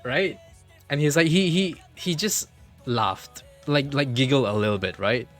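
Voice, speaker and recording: A man chats to his stream through a desk mic in a casual storytelling mode. His mid-range voice keeps circling back and repeating phrases, dropping swear words along the way. Soft music runs faintly underneath. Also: medium pitch, moderate pace. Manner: animated, repeats himself, swears freely. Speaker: livestreamer.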